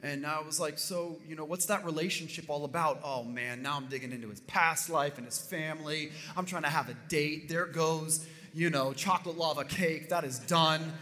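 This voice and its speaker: Animated pastor in a big echoing hall. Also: male voice, on the high side, moderate pace. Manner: animated, building to near-shouts. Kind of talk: sermon with storytelling. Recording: reverberant hall.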